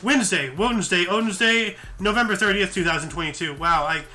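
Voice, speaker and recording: A man's voice: high voice, brisk, bright, forceful tone. A tired man hosting a news show, reading articles aloud and breaking off into rambling asides full of fillers and restarts. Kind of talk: casual news commentary read from articles.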